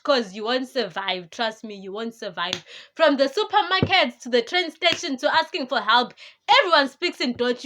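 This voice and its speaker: A young woman, telling a story casually to her vlog viewers and acting out what people said. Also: sits high. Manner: animated, chatty, acts out voices of others. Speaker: vlogger.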